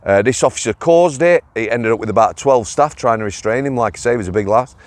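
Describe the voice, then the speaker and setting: Man, middle-aged, Greater Manchester accent, blunt chatty storyteller, dry close sound, medium pitch. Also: lively intonation, quick pace, no room sound. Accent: Northern English, Greater Manchester. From England. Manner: blunt, chatty, drops in local dialect words. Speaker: former prison officer and channel host. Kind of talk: casual storytelling vlog.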